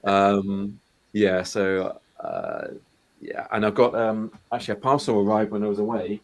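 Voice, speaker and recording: A man talks on a video call in a low voice. He hesitates often and fills gaps with ums, sounding unhurried. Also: lively intonation, gravelly. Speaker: toy collecting YouTuber. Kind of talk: casual video call chat.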